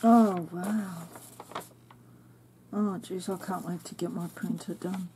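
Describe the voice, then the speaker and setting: Woman crafter, unboxing a craft package, slow gushing delivery, soft whispers, mellow dark tone, faint room noise. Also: fairly low pitch, steady tone. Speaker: crafting channel host.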